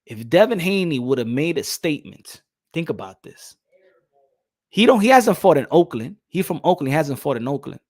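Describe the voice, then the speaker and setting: Animated, high-pitched ranting man. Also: moderate pace. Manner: animated, profane, repeats himself, mocks with put-on voices. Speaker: boxing commentary host. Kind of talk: casual ranting commentary.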